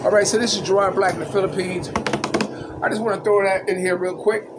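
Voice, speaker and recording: A man's voice: high voice, little pitch movement, fast, very noisy. An older man vlogging in a casual, rambling way, chuckling often and leaning heavily on "you know" fillers. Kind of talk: casual vlog commentary. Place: small outdoor hangout spot after tennis.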